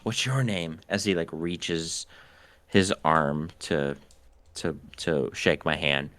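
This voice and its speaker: A deep-voiced man from the northern United States tells a story on a podcast, casual and profane. His voice sounds close and dry, with no room around it. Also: slow, no room sound. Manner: animated, profane, laughing storyteller. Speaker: podcast co-host.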